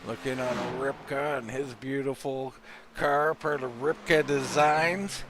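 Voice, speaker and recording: A man calling a live sim race play-by-play, energetic and rattling off driver names quickly. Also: medium pitch, background noise. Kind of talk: live sim racing commentary.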